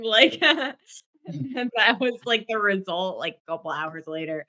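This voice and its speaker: A woman hosting a podcast in casual chat, telling a story with lively acted-out quotes and plenty of swearing. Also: medium pitch, fairly quick. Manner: animated storyteller, acts out quotes, swears freely. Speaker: podcast host.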